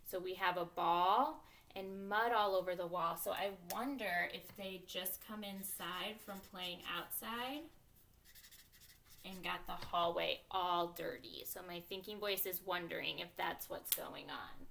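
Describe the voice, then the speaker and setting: A woman's voice: on the low side, measured pace, creaky, fairly bright tone, slight background noise. A woman teacher modeling a reading lesson for young students, upbeat and teacherly, talking to herself as she writes. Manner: upbeat teacherly, talks to herself while writing.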